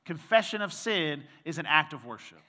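A man's voice: on the high side, lively intonation, normal speed, sharp tone, big-room sound. A male pastor giving a conversational sermon, telling a personal story with quoted dialogue and reading scripture aloud.

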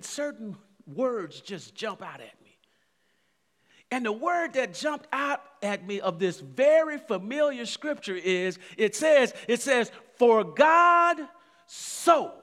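A man preaching from the pulpit, his voice sitting high and moving at an unhurried pace. He stacks repeated phrases as his fervor climbs, and a long reverb trails each line through the hall. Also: sing-song. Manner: preaching with rising fervor and repetitions. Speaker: pastor. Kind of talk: sermon.

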